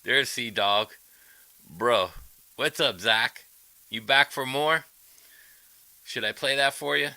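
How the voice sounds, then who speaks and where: A man's voice: mid-range voice, takes it slowly, long pauses, sharp tone, rough recording. A man guitarist chatting casually on a live stream, rambling, greeting viewers and showing licks. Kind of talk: casual livestream chat.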